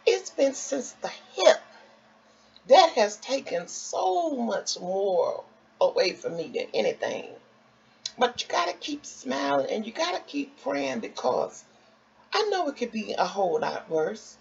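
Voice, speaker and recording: Woman vlogging a story, super expressive, bit of vocal fry, dull lo-fi audio. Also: medium pitch, measured pace. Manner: animated, expressive, acts out quotes. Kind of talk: casual storytelling. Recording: dull lo-fi with faint noise.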